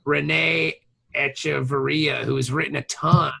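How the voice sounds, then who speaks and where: A man's voice: fairly high pitch, fairly even intonation, vocal fry, pushed and bright, breathy edge. A man co-hosting a podcast in casual chat, joking around and laughing often. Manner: joking, jumps into quick impressions, laughs often. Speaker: podcast co-host.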